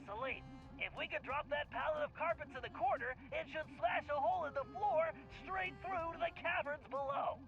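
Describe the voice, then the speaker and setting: A very high, nasal-edged brainy planner rattles off technical instructions in a brisk, fussy way. The game audio is a touch muffled, with music playing underneath. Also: male voice. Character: brainy young male planner of a thief gang.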